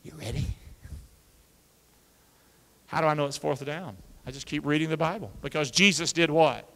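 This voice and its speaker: A male pastor preaching an animated call-and-response sermon, coaxing the congregation to repeat after him and using football pep-talk imagery. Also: fairly high pitch, normal speed, creaky. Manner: energetic, coaxes the congregation to repeat lines. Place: church sanctuary with a congregation. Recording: long reverb of a large church hall.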